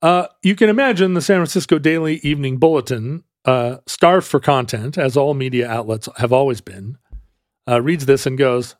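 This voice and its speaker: A man's voice: mid-range voice, normal speed, no echo, clean studio sound. A man co-hosting a podcast who tells a history story in a casual, rambling, jokey way with many fillers.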